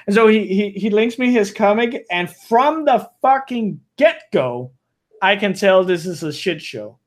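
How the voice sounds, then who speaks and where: High-voiced rambling male storyteller. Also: a little slow. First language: not English. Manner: rambling, frequent restarts and self-corrections. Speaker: guest storyteller. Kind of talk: casual podcast chat.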